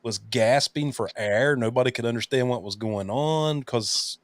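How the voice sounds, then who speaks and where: A man's voice: medium pitch, measured pace, no echo. A man co-hosting a podcast, telling stories in a blunt, joking casual chat.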